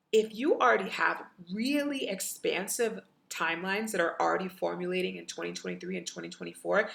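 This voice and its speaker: Gravelly, bright-voiced woman spiritual coach. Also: on the low side, slight background noise. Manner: effusive, breathy exclamations, chant-like repetitions. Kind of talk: guided meditation and activation session.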